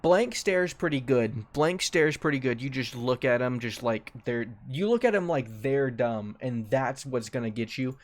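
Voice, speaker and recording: A man's voice: medium pitch, a little slow, hardly any pauses. A young man giving casual commentary as a streamer ranking a tier list, offhand and loose, often repeating his own phrases.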